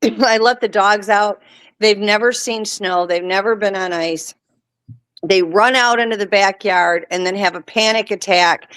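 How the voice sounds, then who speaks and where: A woman's voice: medium pitch, no echo. A woman from Michigan, telling stories in casual chat with lots of laughter. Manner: animated storyteller, laughing often.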